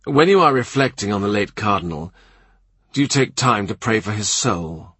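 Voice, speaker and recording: A man's voice: on the low side, animated, normal speed, a bit bright, husky, no echo. A man voicing a wry, witty middle-aged court official who teases in a dry manner. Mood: wry, teasing. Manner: dry, teasing storyteller.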